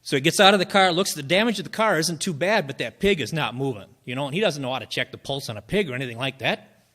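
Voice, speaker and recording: A man's voice: fairly high pitch, animated, quick pace, a bit bright. A man telling jokes at an open mic in a folksy, rambling way, chuckling at his own punchlines. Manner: folksy, rambling storytelling with fillers. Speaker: open mic joke teller.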